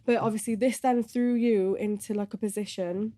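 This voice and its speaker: A woman hosting a podcast, asking gentle, supportive questions with some ums. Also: medium pitch, steady tone, moderate pace, dry recording, studio quality. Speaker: podcast host. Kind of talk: interviewing.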